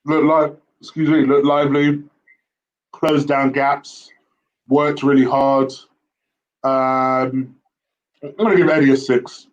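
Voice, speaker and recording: A man rates the players in a relaxed, chatty way, often pausing on "uh" and "um" as he gathers his thoughts. His pitch is middling, and the audio sounds a bit dull and lo-fi. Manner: relaxed, hesitant, many "uh" and "um", gives player ratings. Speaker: host football pundit. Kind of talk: casual football review.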